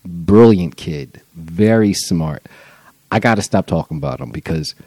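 A man's voice: low voice, unhurried, gravelly, warm tone, dry recording. A man hosting his own podcast, talking in a loose, rambling and profane comedic monologue. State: high on mushrooms. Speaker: podcast host.

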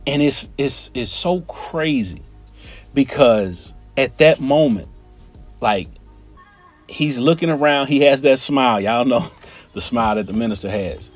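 A man telling a personal story in an animated, conversational way, often turning to his listeners with "right?" and "y'all". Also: mid-range voice, unhurried, soft background music.

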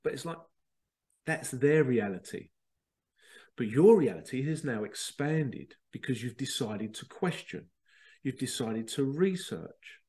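A man's voice: medium pitch, expressive, unhurried, a little mellow. Chatty man with a mid-range voice. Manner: chatty, rambling, acts out quotes. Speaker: podcast host. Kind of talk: casual monologue.

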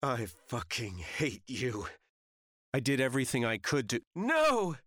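A man's voice: mid-range voice, unhurried, fairly bright tone, dry recording, clean studio sound, voice pushed up. A man voicing a furious, heartbroken young woman who speaks in a raw, accusing way.

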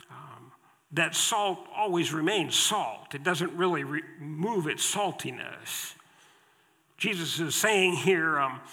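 A man's voice: high voice, bright, forceful tone. A man preaching a sermon from the pulpit, emphatic and repeating his key phrases. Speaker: pastor. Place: church sanctuary at the pulpit. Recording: long hall reverb in a church.

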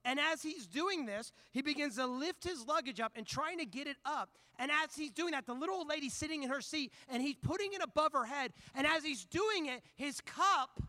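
A man preaching a sermon, telling a personal story in an animated, conversational way before turning to scripture. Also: extremely high pitch, normal speed, hardly any pauses, dry recording. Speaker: pastor.

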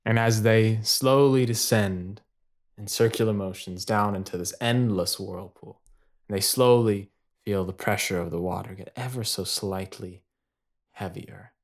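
A man's voice: fairly low pitch, unhurried. A man narrating an improvised shared story, laughing often and rambling loosely.

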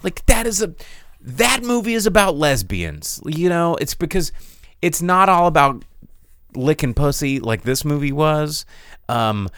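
Animated, rambling man with a lively voice. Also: fairly high pitch, a little slow, clear, resonant tone, dry recording, studio quality. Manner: animated, rambling, crude jokes, many restarts. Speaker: podcast host reviewing a film. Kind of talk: casual chat. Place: studio.

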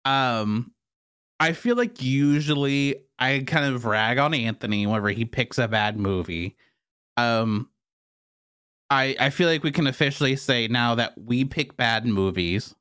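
A man's voice: mid-range voice, a little slow, pushed and bright, clean tone, no echo, studio quality. A man hosting a casual podcast in an easygoing way, often repeating a word as he starts a thought. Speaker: podcast host.

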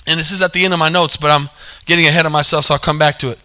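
A man's voice: fairly high pitch, steady tone, racing, bright, forceful tone. A man preaching a sermon, calling for amens, repeating his points and correcting himself mid-sentence. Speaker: pastor.

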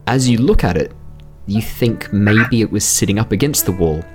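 Deep-voiced playful male game master. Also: animated, normal speed, faint music behind. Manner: laughs often, playful teasing. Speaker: dungeon master. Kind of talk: narrating a tabletop game.

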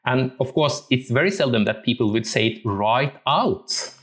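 A man's voice: mid-range voice, moderate pace. A man from Norway, a music teacher giving a thoughtful talk and often searching for his words. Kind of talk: reflective talk on musical interpretation.

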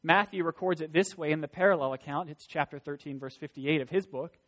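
A man preaching in a fairly high voice, emphatic, with folksy asides between his points. His words ring with long reverb in a large church sanctuary. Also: fairly quick, hardly any pauses. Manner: emphatic, rising to loud stresses. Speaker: pastor. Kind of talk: sermon.

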